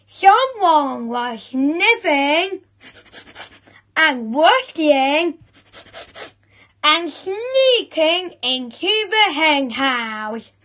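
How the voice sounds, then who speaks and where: A woman reading a children's picture book aloud in a slow, expressive storytelling voice. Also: high voice.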